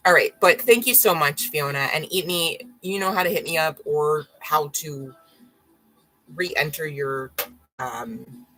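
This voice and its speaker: Woman tarot reader, live stream, low pitch, forceful bright tone, rambling and blunt with swearing. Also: measured pace, soft background music, poor audio. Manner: rambling and frank, swears, apologizes often.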